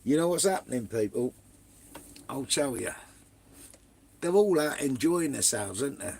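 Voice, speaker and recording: A man's voice: medium pitch, lively intonation, moderate pace, gravelly, darkish tone, slightly rough. An Englishman, casually chatting live from his camper van with viewers, full of banter and swearing, calling everyone mate and son. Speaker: vanlife live streamer.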